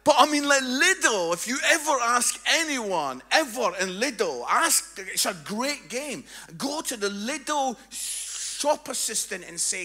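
A man's voice: extremely high pitch, slow pace, hardly any pauses. A middle-aged man preaching a humorous sermon to a congregation, telling stories with comic impressions. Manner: animated storytelling with comic impressions. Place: church hall with congregation.

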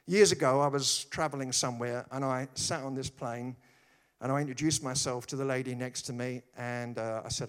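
A man preaching a humorous sermon, telling stories with animated delivery and quick asides. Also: mid-range voice.

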